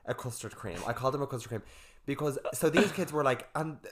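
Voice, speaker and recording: A man's voice: medium pitch, quick pace, a loud crowd. A young man co-hosting a podcast, rambling through stories in casual chat full of slang and swearing. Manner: rambling storytelling with crude slang and filler words. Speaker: podcast co-host.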